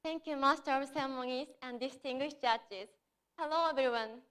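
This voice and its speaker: A woman's voice: high-pitched, steady tone, moderate pace, fairly bright tone. A young woman from Japan, delivering a memorized, earnest speech as a contestant at a contest. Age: young adult. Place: contest stage.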